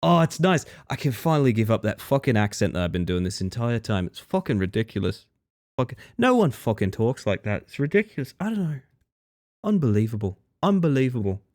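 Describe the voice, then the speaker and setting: A man's voice: lowish voice, very animated, darkish tone. A man streaming from home, chatting loosely and joking at himself while signing off for the night. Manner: rambling, self-mocking, quick to laugh. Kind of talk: casual stream sign-off chat.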